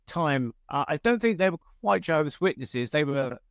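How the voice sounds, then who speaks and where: Brief: British male host, fairly high voice, dry sound, storyteller. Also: lively intonation, moderate pace, no echo. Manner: chatty storyteller, laughs at his own tales. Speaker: podcast host. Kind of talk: casual conversation, anecdote telling.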